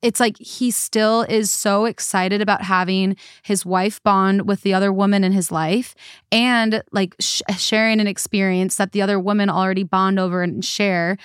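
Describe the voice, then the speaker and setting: Woman guest co-host, smooth voice, dry close mic, casual and emphatic. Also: medium pitch, steady tone, normal speed, no room sound. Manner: emphatic, repeats herself with fillers. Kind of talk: casual podcast chat.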